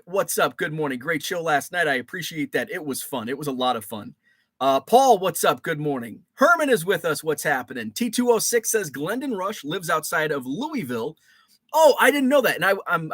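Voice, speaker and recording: A man's voice: fairly high pitch, a bit bright, dry recording, studio quality. A man hosting a casual live stream, greeting viewers from the chat and telling rambling stories full of fillers and restarts.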